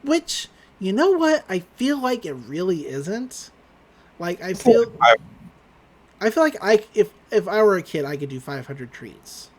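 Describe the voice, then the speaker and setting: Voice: mid-range voice, a little slow, a little hiss or hum. A podcast host casually recapping a cartoon episode, laughing often and adding wry asides about the plot. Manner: animated, laughs often, acts out characters' lines.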